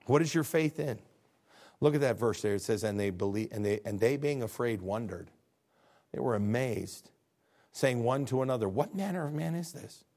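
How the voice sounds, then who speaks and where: A middle-aged man preaching a sermon as pastor, animated, acting out dialogues and swinging from quiet low lines to near shouts. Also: normal speed.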